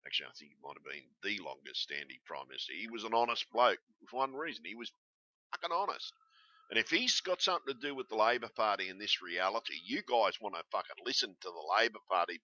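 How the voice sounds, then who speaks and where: A man's voice: low-pitched, pushed and bright, no room sound, muffled recording. An Australian man talking in a casual, rambling vlog, blunt and swearing constantly. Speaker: YouTuber.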